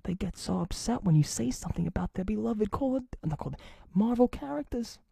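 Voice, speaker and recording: Animated young man from Brooklyn. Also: high-pitched, fairly quick, creaky, breathy edge, dry recording, studio quality. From Brooklyn, New York. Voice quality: animated, swings his voice up and down, swears a lot. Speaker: podcast host. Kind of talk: casual chat.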